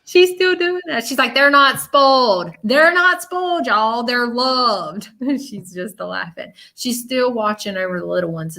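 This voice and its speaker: A woman working as a psychic medium, giving a live reading in a halting way, full of fillers, restarts and repeated words. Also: medium pitch, fairly bright tone.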